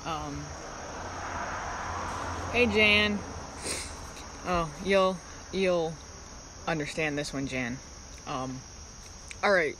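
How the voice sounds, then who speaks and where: On a live stream, a woman with a lowish voice chats casually in halting, rambling stretches, breaking off now and then to greet viewers by name. The background is noisy.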